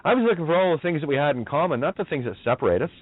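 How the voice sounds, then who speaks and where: A man's voice: fairly high pitch, animated, very fast, dry recording. A man from Ireland, hosting a radio show in a profane, combative rant. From Northern Ireland. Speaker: radio host. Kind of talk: ranting talk radio. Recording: tinny phone-line audio, dry.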